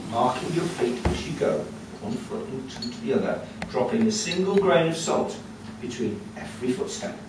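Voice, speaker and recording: A man telling a folk tale live at a storytelling cafe, lively and conversational with asides to the audience. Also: medium pitch, normal speed, few pauses, far from the mic. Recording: echoey room heard from afar with noise.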